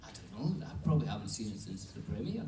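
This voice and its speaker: A man's voice: fairly low pitch, very animated, quick pace, dark tone, a little hiss or hum. A middle-aged man on a film cast panel telling an easygoing, chuckling anecdote. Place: large convention hall. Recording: echoey hall, distant mic.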